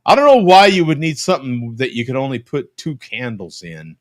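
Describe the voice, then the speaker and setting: A man hosting a casual live-stream chat over a video call from his home, rambling with lots of halting restarts. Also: medium pitch, sing-song, background noise. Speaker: podcast host. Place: home room.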